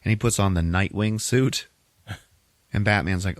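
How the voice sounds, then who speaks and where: A man's voice: on the low side, unhurried, pauses often, no echo. A man hosting a podcast, casually retelling a movie plot and laughing often as he quotes the characters. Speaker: podcast host.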